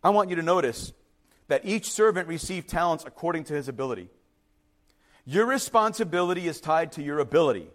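Man, pastor, sermon, high voice, lively pitch, emphatic repetitions. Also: fairly quick. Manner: animated storytelling, emphatic repetitions.

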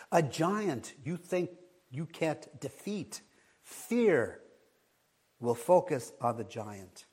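A male pastor delivering a sermon at an unhurried, measured pace. His voice sits a little high for a man, and he leans on long pauses and sudden swells to drive his points home. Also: husky. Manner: slow and deliberate, dramatic pauses and swells for emphasis.

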